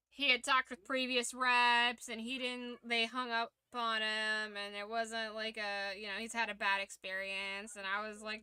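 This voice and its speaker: A young woman streamer in casual chat, telling a story in a lively, profane way. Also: medium pitch, clean tone.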